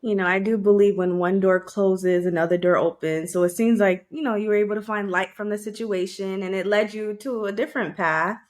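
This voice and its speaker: Brief: woman podcast host, mid-pitched, empathetic interviewer. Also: steady tone, a little fast, hardly any pauses, a little mellow. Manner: empathetic, conversational questions. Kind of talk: interviewing a guest.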